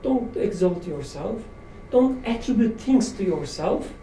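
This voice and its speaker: A man's voice: sits high, animated, a little slow, warm tone. A man leading an informal religious study session, reflective and self-deprecating, with light laughs. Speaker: study circle leader. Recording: roomy echo, distant mic, faint room noise.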